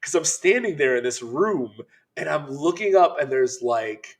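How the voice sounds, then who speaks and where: A middle-aged man co-hosting a podcast, telling an animated, laughing story in casual chat. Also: on the high side, unhurried. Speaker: podcast co-host.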